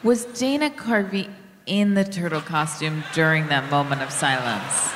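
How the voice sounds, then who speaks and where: A woman co-hosting a live comedy podcast, teasing and quick to protest. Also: sits low, fairly bright tone, long reverb tail, a little hiss or hum. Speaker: podcast co-host. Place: live show in a venue with an audience.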